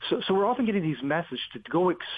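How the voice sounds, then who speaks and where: A man speaks over a thin, tinny phone line as a guest on a radio show. His voice sits a little higher than most men's, and he tells stories with lively energy, often doubling back to restart his sentences. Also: rapid-fire, slightly rough. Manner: animated storyteller with frequent restarts. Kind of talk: casual radio interview.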